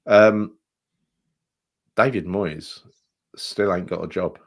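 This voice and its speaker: A man's voice: deep voice, slow pace, creaky. A man co-hosting a football fan podcast, rambling and swearing as he chats. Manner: rambling, swears often, mock-dramatic. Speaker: podcast co-host. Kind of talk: casual fan chat.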